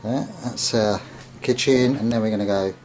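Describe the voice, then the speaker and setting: A man filming a casual video tour of his home kitchen and garden, talking in a meandering way with many pauses and fillers. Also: lowish voice, a little mellow. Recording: music clearly behind the voice.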